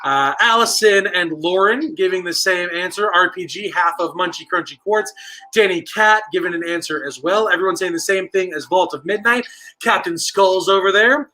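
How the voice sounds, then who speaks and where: A man's voice: high-pitched, normal speed, sharp tone, low-quality recording. A man hosting a live online trivia night, casually reading out viewer answers and joking with the chat. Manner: playful, jokey, reads out viewer answers. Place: store basement with stone walls.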